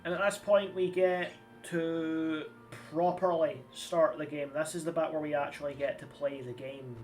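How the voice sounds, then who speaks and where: A man's voice: on the high side, steady tone, normal speed, a little mellow. A man, giving casual, rambling gameplay commentary and swearing freely. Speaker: streamer. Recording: slightly distant mic with game music.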